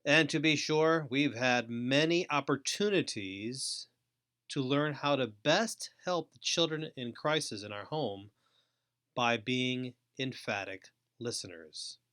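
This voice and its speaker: Middle-aged male host, mid pitch, unhurried measured delivery, emphatic. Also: fairly bright tone. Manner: slow, deliberate, emphatic delivery with pauses. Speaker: host and trainer. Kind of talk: scripted training webinar.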